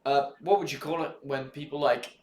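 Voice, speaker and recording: A man's voice: mid-range voice, steady tone, a little mellow, reverberant. A man co-hosting a casual live stream while watching a race, joking and swearing as he goes. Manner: joking, swearing, quick back-and-forth. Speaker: stream co-host.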